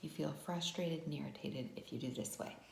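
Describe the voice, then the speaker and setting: A woman's voice: sits low, brisk, creaky, darkish tone, reverberant. A woman vlogger telling a personal story as a lesson, talking conversationally with frequent "right?" asides. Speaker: wellness vlogger.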